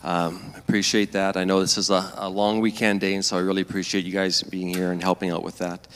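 A male pastor with a lowish, bright, clear voice leads a church service in an easy, gentle manner. His words ring out with a long reverb from the church hall around him. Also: level tone. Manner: gentle, unhurried, prayerful. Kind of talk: church service introduction and prayer. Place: church sanctuary.

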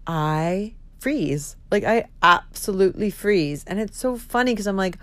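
A woman in her thirties talks into a close podcast mic, giggly and expressive, dropping swear words without a pause. Her voice sits in a middle register and the sound is dry, with no room around it. It is a candid, unscripted solo monologue. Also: mid-range voice, no echo. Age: 30s. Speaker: podcast host.

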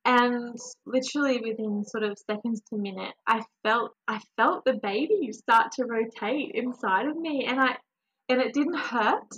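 A young woman, a podcast guest, telling her birth story in a warm, animated, emotional way. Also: a little high, normal speed, husky, muffled recording.

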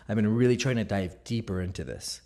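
A man's voice: lowish voice, a little fast, warm tone. Candid man telling a faith story. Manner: candid, acts out quoted dialogue; reflective, openly vulnerable. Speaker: Christian speaker.

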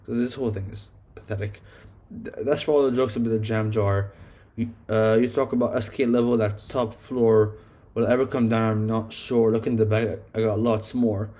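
A man's voice: lowish voice, flat delivery, normal speed, dark tone. A man casually reviewing his favorite songs, rambling and swearing, filling his talk with "like". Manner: rambling, swearing, heavy use of "like". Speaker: music reviewer.

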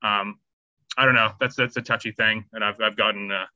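A man's voice: lowish voice, steady tone, a little fast, pushed and bright, no room sound, muffled recording. A man answering interview questions about volunteer work, hesitant, with many ums and restarts. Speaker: charity volunteer.

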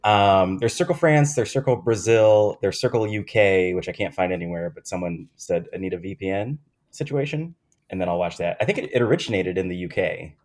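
A man on a podcast chatting eagerly about a show he loves, excitable and quick to share details. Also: low-pitched. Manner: enthusiastic fan, chatty and excitable. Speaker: podcast co-host. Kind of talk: casual chat.

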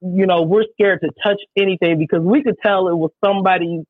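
A woman who works as a show promoter, telling stories in a casual podcast chat, animated, emphatic and heavy on swearing. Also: on the low side, a little fast, no room sound. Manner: profane, animated, emphatic storytelling. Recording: dry, tinny phone-like sound.

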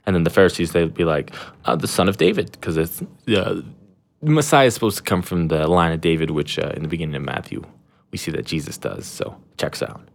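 Deep-voiced man rambling casually. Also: animated, fairly quick, gravelly. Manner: rambling, slangy, full of fillers and restarts; irreverent and self-deprecating. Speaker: podcast host. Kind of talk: casual chat.

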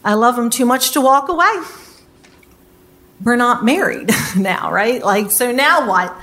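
Slow-paced candid woman storyteller. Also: a little high. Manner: candid, animated retelling with quoted voices; swears casually. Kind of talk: live personal storytelling.

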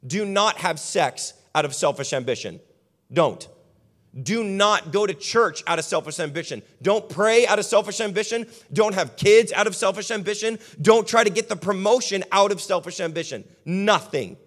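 A man preaching a sermon as pastor, building repeated lists and dropping his voice low and quiet for emphasis. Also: lively intonation, normal speed, few pauses, in a large hall.

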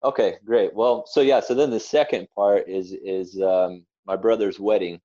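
A man's voice: fairly low pitch, steady tone, normal speed, warm tone, dry recording, muffled recording. A young man giving an earnest, rambling personal testimony as an interview guest. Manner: earnest, rambling storyteller with restarts.

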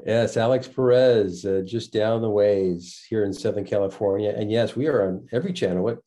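A man with a low, mellow voice co-hosts a casual tasting chat. He is relaxed and mostly chimes in with short remarks. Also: normal speed. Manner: laid-back, short interjections. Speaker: co-host.

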